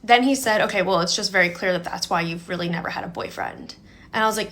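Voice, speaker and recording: A woman's voice: medium pitch, expressive, quick pace, a bit bright. Indignant young woman telling a story. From New Jersey. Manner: indignant, quotes both sides with "I was like". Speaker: storyteller recounting a date. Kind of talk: casual storytelling video.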